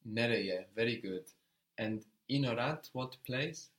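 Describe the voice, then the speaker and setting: Slow, patient male language teacher. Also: mid-range voice, a bit bright. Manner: patient, encouraging, slow and deliberate. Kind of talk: guided language lesson.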